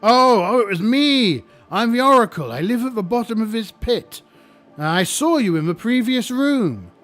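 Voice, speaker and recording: A man doing a fluttery, high-pitched pit oracle. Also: sing-song, normal speed, fairly bright tone, faint music behind, exaggerated voice. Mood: eager. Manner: fluttery, eager, babbling. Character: cheery oracle spirit living at pit bottom.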